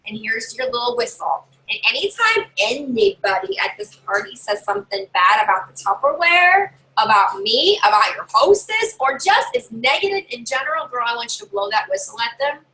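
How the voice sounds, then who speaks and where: Animated woman sales consultant, bright voice, a bit high, chatty trainer who acts out customer lines. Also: normal speed, few pauses, low-quality recording. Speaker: home party sales consultant. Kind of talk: casual training talk to fellow sellers.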